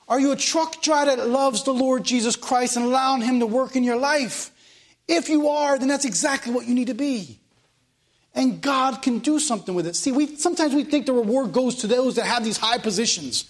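A high-voiced man preaches a fervent sermon. He hammers phrases again and again, swinging from loud declarations to hushed ones. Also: animated, normal speed.

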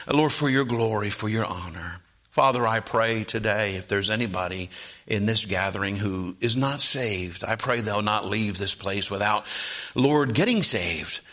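A man preaching a sermon in church, retelling stories in raised voices and closing with a prayer. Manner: preaching, climbs high and loud when acting out the story. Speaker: pastor.

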